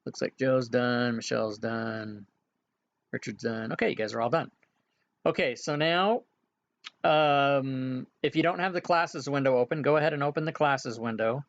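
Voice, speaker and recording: A man's voice: medium pitch, moderate pace, muffled recording. A man working as game master, casually walking players through setup with frequent filler sounds. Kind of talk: casual instructions during an online game session.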